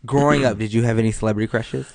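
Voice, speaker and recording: A man's voice: fairly low pitch, fairly even intonation, rapid-fire. A man hosting a podcast, chatting and laughing easily with his guest. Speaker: podcast host. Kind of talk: casual chat.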